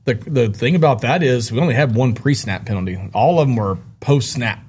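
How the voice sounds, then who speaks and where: A man, a football coach, explaining his team's play quickly during an interview. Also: mid-range voice, darkish tone, husky. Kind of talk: post-game interview.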